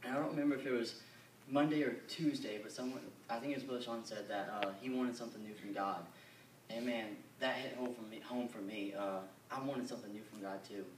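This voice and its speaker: A young man giving an earnest, halting church testimony full of fillers. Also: medium pitch, steady tone, a little hiss or hum. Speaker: youth camper giving a testimony. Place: church or camp meeting hall. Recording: echoey hall, mic at a distance.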